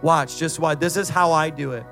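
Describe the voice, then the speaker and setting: A man's voice: fairly high pitch, steady tone, normal speed, creaky, fairly bright tone, soft background music. A middle-aged male pastor preaching a sermon, rising into fervent, sing-song prayer and exhorting the congregation with repeated calls.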